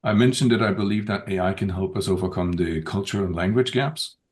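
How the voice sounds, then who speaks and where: Man, very low voice, podcast guest, measured, hesitant restarts. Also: a little mellow. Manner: thoughtful, measured, frequent ums and restarts. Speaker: podcast guest, open-source community director. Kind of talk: unscripted podcast conversation.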